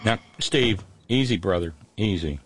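A middle-aged man hosting a live show, talking haltingly with many restarts in a calm, consoling way. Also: sits low, heavy background noise. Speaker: host. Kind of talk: emotional live show talk.

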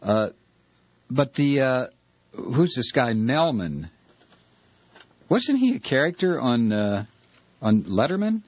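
Animated American man hosting call-in radio. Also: mid-range voice, slow pace, pauses often, breathy edge, no echo, highs cut off. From United States. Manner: animated, heated and sarcastic, with many fillers. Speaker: radio talk show host. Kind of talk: political call-in radio talk. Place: Georgia, United States.

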